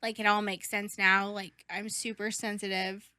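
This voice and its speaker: Young woman, bright and chatty podcast co-host, emphatic, dry close sound. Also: medium pitch, level tone, normal speed, dry recording. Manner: chatty, emphatic, swears casually. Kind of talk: casual chat.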